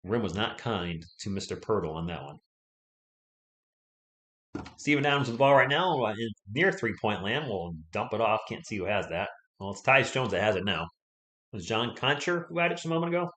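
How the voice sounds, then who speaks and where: A man's voice: on the low side, sing-song, fairly quick, fairly bright tone. Man calling a game on a livestream. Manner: chatty, reads chat aloud and thanks viewers between plays. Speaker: live stream play-by-play host. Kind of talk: casual solo play-by-play livestream commentary.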